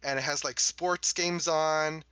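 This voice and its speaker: A young man chatting casually as a podcast co-host, laid-back with lots of fillers and quick bursts of speech. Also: on the high side, fairly even intonation, sharp tone, a little hiss or hum, poor audio. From Los Angeles area. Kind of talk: casual chat.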